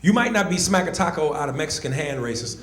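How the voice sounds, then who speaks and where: A man doing a stand-up comedy set, loud and animated, with profane, punchy crowd address and bursts of shouted grunting noises. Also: fairly high pitch, fast talker. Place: comedy club stage. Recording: echoey club with audience ambience.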